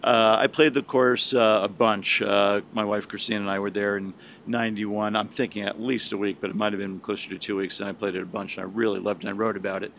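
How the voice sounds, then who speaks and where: A man's voice: lowish voice, little pitch movement, fast talker, vocal fry, fairly bright tone, a little hiss or hum. A man, a podcast guest, chatting casually and rambling with many fillers and restarts. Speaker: podcast guest, golf writer. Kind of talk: casual chat.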